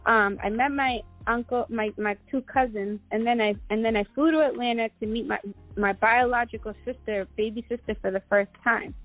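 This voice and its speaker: A woman's voice: on the high side, fairly even intonation, normal speed, no echo. Middle-aged woman from Guatemala, interview guest, rambling story full of fillers, recorded over a tinny line with faint music behind. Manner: rambling, many fillers and restarts. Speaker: guest entrepreneur.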